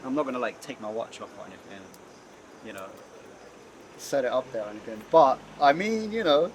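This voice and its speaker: Over background music and background noise, a young man records a casual vlog chat about his day in a coffee shop. This content creator talks in an animated, brisk, medium-pitched voice, filling his sentences with "like" and "you know."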